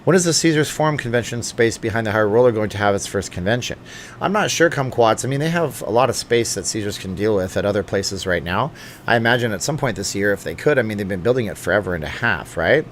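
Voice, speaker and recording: Casting: middle-aged male host, slightly low voice, relaxed joking livestream chat read from viewer comments. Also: fast talker, a little hiss or hum. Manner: chatty and joking, thinks aloud with fillers and asides. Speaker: channel host answering live chat. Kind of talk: casual late-night livestream chat, reading viewer comments aloud. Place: at home.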